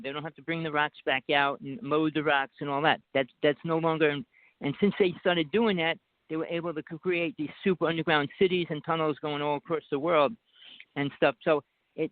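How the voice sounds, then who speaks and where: A man's voice: a little high, no echo. Insistent man with a Jersey accent on a phone line. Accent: New Jersey. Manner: rambling, insistent storytelling. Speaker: guest. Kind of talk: casual call-in talk.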